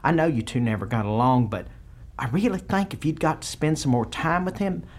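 A man's voice: on the high side, fairly quick, natural voice. A man playing a nervous, defensive male senator with an American Southern accent in a comedy sketch. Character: anxious male southern senator, evasive and fawning.

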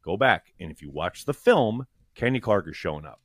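A man co-hosting a podcast in casual sports chat, animated and swearing, with quick restarts. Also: deep voice, no room sound, studio quality. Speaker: podcast co-host.

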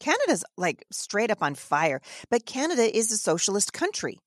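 A woman hosts her own opinion podcast in an emphatic, indignant tone. She often stumbles and restarts mid-sentence as she presses her points. Her voice sits in an ordinary middle pitch, recorded dry with no room sound. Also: huge pitch swings, moderate pace, no room sound. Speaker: podcast host. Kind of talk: opinion commentary.

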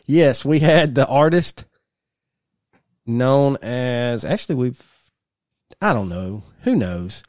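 A man's voice: mid-range voice, expressive, extremely slow, long pauses, a little mellow, dry recording, studio quality. A man co-hosting a casual podcast, rambling through stories and laughing often. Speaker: podcast co-host.

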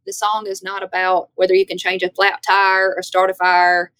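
A woman from Northeast Louisiana with a Southern accent, telling folksy, animated stories as a guest on a podcast interview. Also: medium pitch, normal speed, clean tone, no echo. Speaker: country singer guest.

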